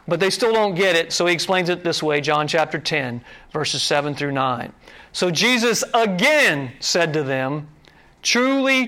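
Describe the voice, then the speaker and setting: A man preaching a sermon to a room, lively and conversational, acting out quoted voices as he explains scripture. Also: high-pitched. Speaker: pastor.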